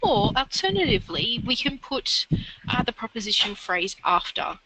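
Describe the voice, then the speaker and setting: A woman's voice: a little high, very animated, moderate pace, background noise. A woman tutoring a learner in literacy, explaining grammar step by step and encouraging them. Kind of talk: one-on-one literacy lesson.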